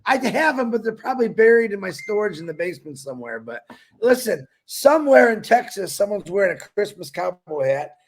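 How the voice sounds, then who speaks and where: A man's voice: high voice, sing-song, fairly quick. An older man, a grandfather, joking and teasing casually on a group video call. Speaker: panelist.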